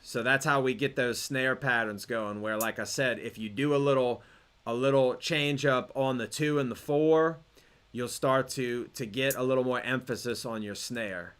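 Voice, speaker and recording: Smooth-voiced man teaching beat production. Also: medium pitch, normal speed, soft background music. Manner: relaxed, explanatory, with fillers and restarts. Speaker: music production instructor. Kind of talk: screen-recorded tutorial.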